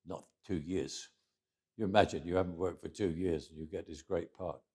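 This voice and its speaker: A man's voice: low-pitched, fairly even intonation, normal speed, darkish tone, husky. An older man with a London accent telling wry anecdotes in an interview, often restarting phrases and acting out quoted lines. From England. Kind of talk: casual interview storytelling.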